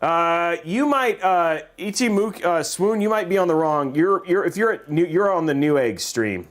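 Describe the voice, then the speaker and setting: Chatty, animated livestream host, a man. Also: high-pitched, normal speed. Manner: rambling, joking, laughs often. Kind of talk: casual livestream chat.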